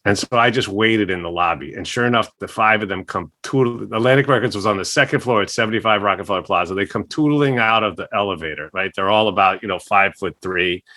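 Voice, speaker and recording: A man, a record executive, telling a profane, animated story in a casual interview, acting out the quotes. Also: on the low side, dry recording.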